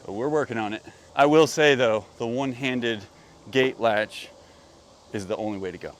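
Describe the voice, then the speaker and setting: A man's voice: mid-range voice, moderate pace, a little hiss or hum. A man hosting a farm vlog outdoors, chatting casually and talking fondly to his animals. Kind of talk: casual chat while doing farm chores.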